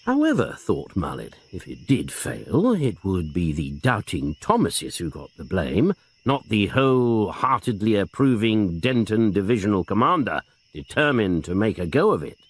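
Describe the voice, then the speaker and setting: Man, low voice, lively expressive narration, dry storytelling. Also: normal speed, breathy edge. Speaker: reader. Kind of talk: scripted narration.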